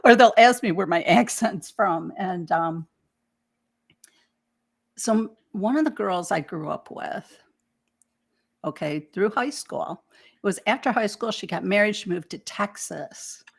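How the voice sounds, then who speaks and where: Slow, gravelly Detroit woman. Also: mid-range voice. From Detroit, United States. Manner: laughs often, playful banter. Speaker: spiritual teacher, co-host. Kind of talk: casual chat.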